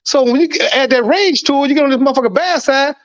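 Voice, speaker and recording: Give me a man from Chicago who talks fast and swears a lot, repeating himself for emphasis. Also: very high-pitched. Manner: profane, emphatic storytelling with heavy repetition. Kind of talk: casual chat. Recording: muffled lo-fi recording.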